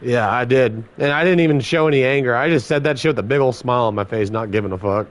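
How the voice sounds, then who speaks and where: A man's voice: medium pitch, quick pace. Blunt, profane man telling stories. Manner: blunt, heavily profane, laid-back. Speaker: former corrections officer. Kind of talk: casual storytelling on a podcast.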